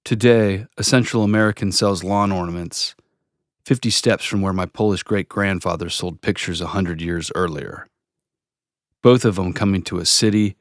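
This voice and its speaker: Man, very low gravelly voice, slow reflective poetry reading, measured and unhurried. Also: dry recording, studio quality. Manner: measured, unhurried, contemplative delivery. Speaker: poet reading his own work.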